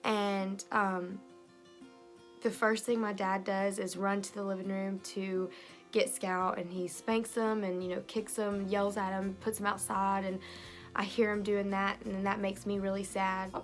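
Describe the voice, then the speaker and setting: A woman's voice: medium pitch, flat delivery, unhurried, faint music behind. A young woman telling a personal story in a casual vlog, with many fillers and quoted voices, filmed on a phone. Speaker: vlogger.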